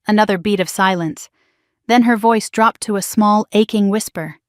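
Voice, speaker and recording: Hushed woman narrating a drama story. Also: mid-range voice, moderate pace, no room sound, clean studio sound.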